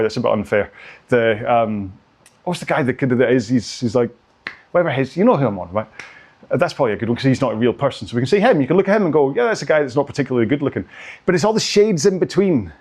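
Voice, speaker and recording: Brief: middle-aged male instructor, mid-pitched, talks through stretches casually and rambles off-topic. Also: a little mellow. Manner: chatty, rambling, giggly asides. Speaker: rowing workout instructor. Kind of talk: casual follow-along coaching. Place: home rowing studio with a fan running.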